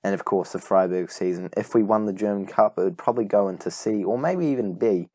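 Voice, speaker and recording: A man's voice: lowish voice, fairly quick, a little mellow, slightly rough, no room sound. A young man casually commentating on a football management game, rambling and correcting himself as he goes. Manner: rambling, self-correcting, enthusiastic. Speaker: gaming YouTuber.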